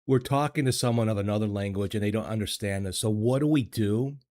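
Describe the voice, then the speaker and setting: Quick-paced and a little mellow, a low-voiced older American man reads chat on his casual livestream. He speaks hesitantly, repeats himself, and chuckles frequently, recorded dry and clean on a desk microphone in his home streaming studio.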